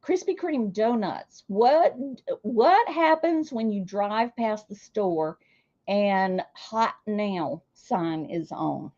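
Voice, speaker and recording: A woman's voice: mid-range voice, animated, slow pace, darkish tone, dull audio. A woman hosting a casual livestream, chatting with viewers and calling out their names with a chatty, self-deprecating manner. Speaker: livestream host.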